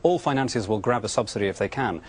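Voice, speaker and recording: A man's voice: lowish voice, expressive, quick pace, husky. A British man as a politician guest on a TV interview, arguing his views earnestly and often stammering through restarts. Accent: British English. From Britain. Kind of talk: remote TV interview answers.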